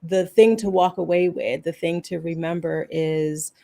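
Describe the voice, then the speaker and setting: Woman w/ a low gravelly voice, earnest spiritual pep talk over a call. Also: fairly even intonation, a little slow, warm tone. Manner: earnest, reassuring, loose restarts. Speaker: guest healing practitioner.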